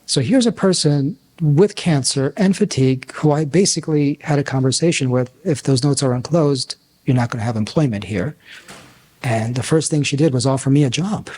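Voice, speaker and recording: A man, a physician and coach, giving a talk at a summit, telling stories and acting out the people in them with big pitch swings. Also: moderate pace, a little mellow, breathy edge. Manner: storytelling, acts out dialogue with big pitch swings. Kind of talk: conference talk with anecdotes.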